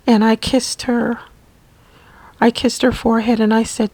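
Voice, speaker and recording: Woman, memoir narration, emotional, halting, fairly high voice, dry close sound. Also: flat delivery, darkish tone, no room sound, low-quality recording. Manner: emotional, halting, repeats words. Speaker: family caregiver.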